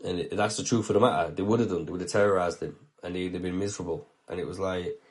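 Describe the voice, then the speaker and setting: Speaking fast in a low, steady voice, a young video show host tells a story in a blunt, casual way. He swears a lot and keeps checking the listener follows with "do you know what I mean."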